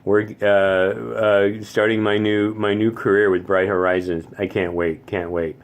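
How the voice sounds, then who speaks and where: A man's voice: lowish voice, level tone, unhurried. A man in his fifties from the Phoenix area, talking in a rambling casual monologue with many stammered restarts. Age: 50s. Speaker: vlogger.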